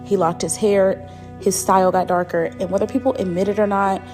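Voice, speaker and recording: A woman's voice: medium pitch, flat delivery, a little fast, darkish tone, faint music behind. A woman narrating a clip in a dramatic, insinuating scripted style. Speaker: commentary narrator.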